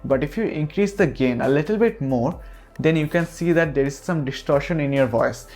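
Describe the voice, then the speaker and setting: A man's voice: on the high side, normal speed, a little mellow, soft background music. A man giving a product review of a microphone, talking earnestly and reassuring the listener again and again, recorded on a USB desk mic. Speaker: tech reviewer.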